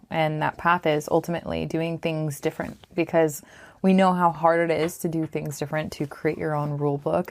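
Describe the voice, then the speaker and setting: Low-pitched female co-host, earnest, reflective podcast talk. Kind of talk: casual podcast chat.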